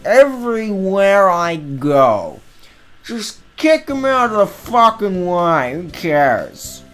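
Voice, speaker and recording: A woman's voice: medium pitch, big pitch swings, slow pace, a bit bright, faint music behind, voice pushed up. A woman voicing a haughty rich snob who scorns commoners, with a pompous, scornful manner. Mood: disdainful.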